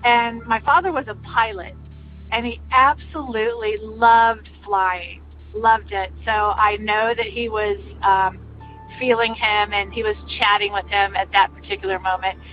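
An older woman earnestly telling a personal ghost story in a casual, meandering way, with many pauses. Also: medium pitch, steady tone. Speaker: caller sharing a ghost story. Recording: slightly muffled, faint music behind.

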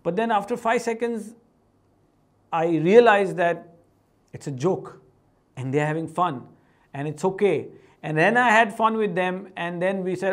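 A man with a high voice and an Indian English accent talks straight to camera in a casual, motivational style. He is middle-aged and animated, and he keeps dropping into quick, playful impressions of the people he describes. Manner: animated, breaks into playful voices of family and colleagues. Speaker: vlog host. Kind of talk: casual motivational vlog talk.

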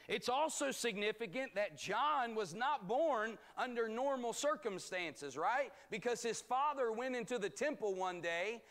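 A man teaching a bible study as pastor, reading scripture aloud and explaining it in a measured, emphatic way. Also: very high voice, expressive, a bit bright. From United States.

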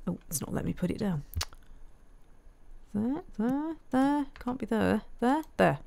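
A woman's voice: fairly high pitch, expressive, measured pace, vocal fry, mellow. A woman giving casual let's-play commentary, chatting to herself and muttering frustrated asides while she builds. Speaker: game streamer.

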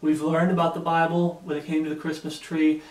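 A man's voice: a little high, monotone, brisk, darkish tone. A man giving an emphatic sermon-style Bible teaching, often checking in with "okay?". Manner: emphatic, repeatedly asking "Okay?". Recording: echoey room, mic set far off.

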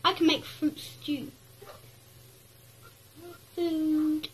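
A high, bright-toned woman chats her way through a game, rambling and excitable as she talks to herself. She speaks at an unhurried pace, with a faint hiss of noise underneath. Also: poor audio. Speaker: gaming YouTuber. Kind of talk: casual gameplay commentary.

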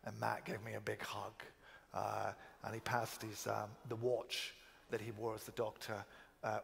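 A man's voice: fairly low pitch, creaky, fairly bright tone. Scottish man, 50s, self-deprecating stage guest; long hall reverb. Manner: chatty, self-deprecating, many fillers and restarts. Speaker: guest actor. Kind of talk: stage Q&A answers. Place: large theatre stage.

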